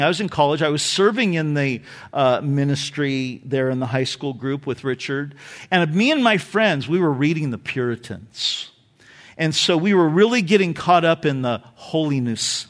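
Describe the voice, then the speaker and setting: An older man, a pastor, giving a sermon with a candid, self-deprecating story told with frequent restarts. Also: on the high side.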